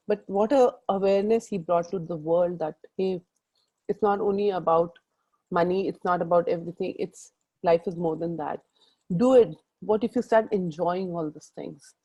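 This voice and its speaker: A woman's voice: fairly low pitch, normal speed, warm tone, muffled recording. A middle-aged woman with an Indian English accent, leading a motivational group call and urging her listeners in a rambling, earnest way.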